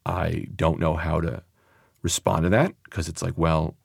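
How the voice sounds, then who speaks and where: A man's voice: a bass voice, flat delivery, a little slow, creaky, husky, dry recording, clean studio sound. A man, a comedian, telling a personal story in a casual, conversational way with loose phrasing.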